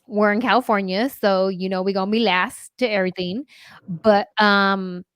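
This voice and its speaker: A woman's voice: medium pitch, fairly even intonation, moderate pace, a bit bright, clear, resonant tone, dry recording. A woman hosting a live-streamed interview, bubbly and playful, laughing easily. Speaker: host.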